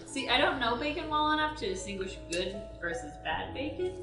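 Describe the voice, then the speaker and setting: A woman's voice: fairly high pitch, big pitch swings, fairly quick, reverberant, recorded from a distance, over music. A woman playing a tabletop game, playful and giggly in casual chat. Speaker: player.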